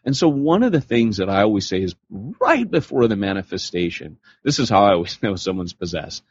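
A low-pitched man with a husky, slightly raspy voice recounts stories on a podcast, his pitch swinging widely as he talks. The sound is dull and lo-fi. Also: fairly quick, few pauses, no echo. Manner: animated, slips into acted voices for the people he quotes. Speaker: podcast co-host. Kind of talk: casual storytelling conversation.

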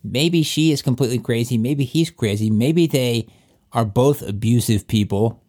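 At a moderate pace, a slightly mellow mid-range voice belongs to a Virginian man co-hosting a podcast, who chats candidly and rambles, often restarting sentences and dropping coarse, blunt remarks.

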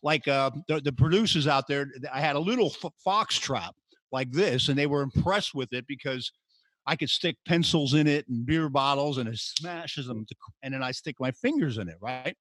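A man hosting a podcast, telling lively stories and acting out quotes in a raised voice. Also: medium pitch, normal speed, no echo. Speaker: podcast host. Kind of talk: casual storytelling chat.

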